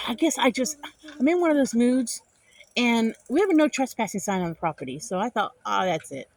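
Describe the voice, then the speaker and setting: A woman's voice: a little high, moderate pace. A middle-aged woman, telling an angry story to the camera in a casual vlog and repeating herself for emphasis. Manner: animated, indignant retelling with repeated phrases. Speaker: vlogger.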